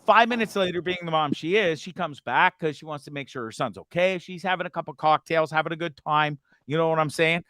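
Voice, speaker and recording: Dude host telling a bar story, bright clear voice, laughing a lot, dry close sound. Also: male voice, sits high, dry recording. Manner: animated, laughing, bro-ish banter. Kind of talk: casual storytelling chat.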